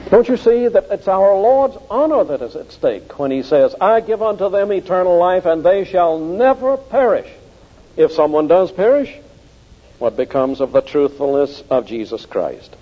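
A man preaching in a fairly high voice, pressing each point with emphatic repetition. The recording is dull and lo-fi, with a long reverb trailing off the walls of a large hall. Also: animated, normal speed. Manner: emphatic, repeats key phrases for stress. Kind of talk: sermon.

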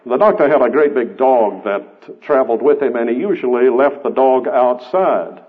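A man's voice: mid-range voice, lively intonation, moderate pace, hardly any pauses, breathy edge. Emphatic male preacher on tinny radio. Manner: emphatic, builds through repeated phrases. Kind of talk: sermon. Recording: tinny radio broadcast, phone-like band.

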